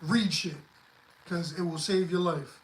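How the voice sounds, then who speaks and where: A man's voice: fairly high pitch, unhurried, reverberant, a little hiss or hum, poor audio. A man chatting as a guest on a livestream, blunt and profane as he gives emphatic advice. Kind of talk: casual livestream chat.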